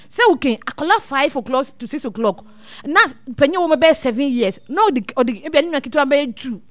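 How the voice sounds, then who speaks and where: A woman with a high, bright-pitched voice talks earnestly as a guest speaker, often circling back over her words. The sound is dry and close, with no room around it. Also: lively intonation, fairly quick, no room sound. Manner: earnest, repeats words as she thinks. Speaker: guest speaker on child welfare. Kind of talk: casual advice talk mixing two languages.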